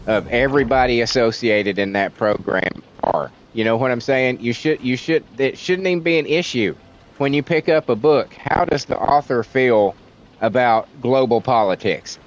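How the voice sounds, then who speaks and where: A man's voice: medium pitch, rough recording. A man from Tennessee with a thick Southern accent, venting in casual, rambling livestream chat and swearing freely. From Tennessee, USA.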